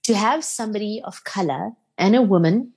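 A South African woman from Durban speaks as a podcast guest, her voice at an ordinary middle pitch. She tells personal stories with heartfelt feeling and lively acted-out quotes. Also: a little fast, slightly rough. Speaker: radio presenter, podcast guest. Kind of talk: emotional interview storytelling.

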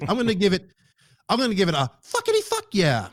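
A man hosting a casual podcast, joking, excitable and swearing freely while he thanks sponsors and chats with a guest over a remote call. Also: high voice, quick pace. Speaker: podcast host. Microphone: podcast microphone, remote call.

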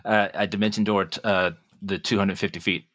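A man playing in a tabletop game, calmly describing his character's actions with some swearing. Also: fairly low pitch, fairly quick, no echo. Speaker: player. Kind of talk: tabletop game play, casual.

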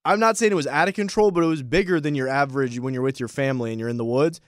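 A man's voice: mid-range voice, rapid-fire, no room sound, studio quality. A man co-hosting a podcast in casual chat, telling rambling stories and joking. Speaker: podcast co-host.

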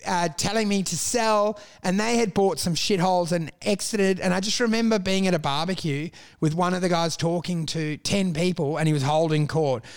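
High-voiced crude storytelling man. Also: normal speed, hardly any pauses, clear, resonant tone. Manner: crude, animated, laughs through stories. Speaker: guest telling stories. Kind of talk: casual storytelling chat.

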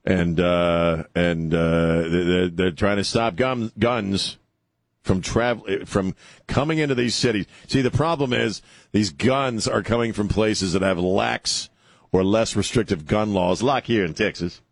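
Brief: man, radio host in the studio, lowish voice, dry close mic, sarcastic and rambling. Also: measured pace, no room sound. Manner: rambling, sarcastic, self-interrupting, many fillers. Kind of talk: opinionated talk radio monologue. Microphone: studio microphone.

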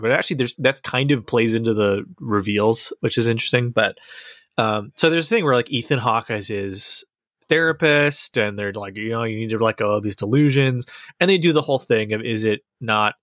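A man's voice: medium pitch, a little fast, fairly bright tone, dry recording, clean studio sound. A man chatting casually as a podcast co-host, enthusiastic and rambling as he reviews a TV series. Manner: enthusiastic, rambling, restarts sentences.

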